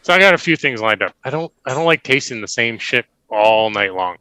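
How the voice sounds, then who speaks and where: A man's voice: medium pitch, lively intonation, fairly quick, sharp tone, smooth, no room sound. A man who is a podcast guest, chatting casually and easygoing, often laughing.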